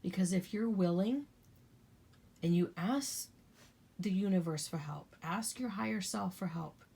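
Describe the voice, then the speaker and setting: A woman's voice: mid-range voice, unhurried, gravelly, warm tone, breathy edge. A woman giving an earnest, blunt spiritual talk to her viewers, repeating her points and swearing freely. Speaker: spiritual channel host.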